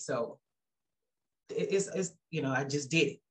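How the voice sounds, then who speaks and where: Lively woman telling her testimony. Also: measured pace. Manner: animated, acts out quoted voices with big pitch jumps; casual speech with frequent restarts. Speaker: guest giving a church testimony. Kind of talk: personal testimony, conversational storytelling.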